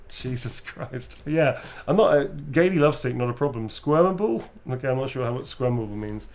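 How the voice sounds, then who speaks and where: Playful gravelly man. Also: medium pitch, lively intonation, normal speed, few pauses. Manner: playful, theatrical, quotes lines in a sultry voice. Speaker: actor signing autographs. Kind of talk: casual livestream chat.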